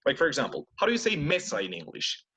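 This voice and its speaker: Lively bilingual English teacher. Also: male voice, on the high side, fast, breathy edge. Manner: switches between English and Spanish, drills students with repeated words. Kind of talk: online class teaching pronunciation.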